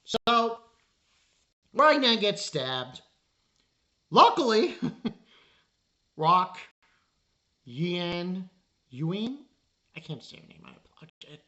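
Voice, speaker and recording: A man reviewing an anime episode in a casual spoken style, exasperated and rambling, halting on fillers. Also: high-pitched, very animated, sharp tone, muffled recording.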